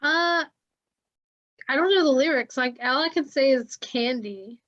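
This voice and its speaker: A woman's voice: high-pitched, unhurried, fairly bright tone, dull audio. A woman co-hosting a podcast, bantering and competing in a quiz in a casual way. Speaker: podcast co-host. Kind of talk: casual chat.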